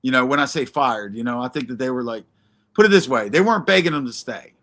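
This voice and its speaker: A man's voice: mid-range voice, animated, fast, a bit bright. A man hosting a livestream, ranting in a brash, profane, confrontational way and answering chat by name. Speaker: livestream host.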